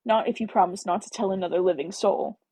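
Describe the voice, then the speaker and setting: A charming young gentleman with a joking, lazy manner, read aloud by a woman. The voice comes out slightly husky and dry, in an everyday reading tone from a romance novel. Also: medium pitch, fairly even intonation, fast talker, dry recording, natural voice, poor audio. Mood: teasing.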